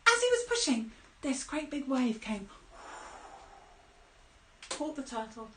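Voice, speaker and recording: Animated woman telling a kids' story. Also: high voice, takes it slowly, background noise. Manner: animated, playful, with sound effects and calls to join in. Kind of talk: live children's storytelling. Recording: roomy echo.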